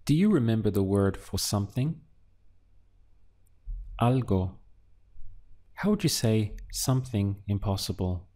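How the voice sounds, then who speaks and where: A man teaching a beginner language lesson, drilling words syllable by syllable with patient pauses. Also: fairly low pitch, expressive, mellow. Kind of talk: slow, deliberate language lesson.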